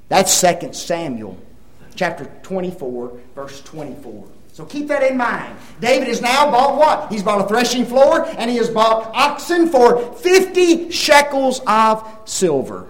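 An older male preacher teaching a Bible lesson in a high, very lively voice. He tells stories and acts out the people in them, then turns to the congregation with questions. The delivery moves between quiet explanation and loud, animated bursts. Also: a little slow, echoey room, low-quality recording. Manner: animated storytelling, acts out dialogue, asks the audience questions. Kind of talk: sermon.

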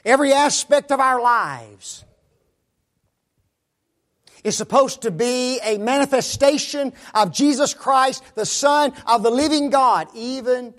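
High-voiced man preaching a sermon. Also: takes it slowly, a bit bright. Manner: rhetorical questions, addresses listeners as folks.

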